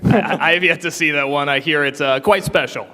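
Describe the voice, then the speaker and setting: Answering audience questions on a convention panel, a man speaks briskly into a handheld mic, his voice on the high side, bright and forceful but with a scratchy throat. He's casual and chatty, often restarting and laughing, and the convention hall sounds reverberant.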